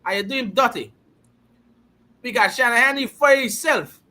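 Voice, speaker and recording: A man's voice: very high voice, normal speed, pushed and bright. A man co-hosting a casual football talk show, arguing his point in a heated, emphatic, playfully argumentative way. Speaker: podcast co-host.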